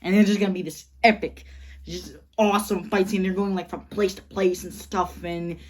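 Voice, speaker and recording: A woman pitching a fan movie idea in a rambling, excited way, full of fillers. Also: normal speed. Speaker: channel host.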